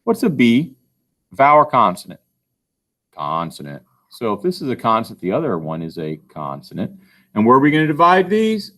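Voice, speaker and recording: His voice sits at medium pitch with huge swings, a fairly bright tone, and a moderate pace. This man is a teacher in a recorded classroom phonics lesson, patiently questioning and then answering himself.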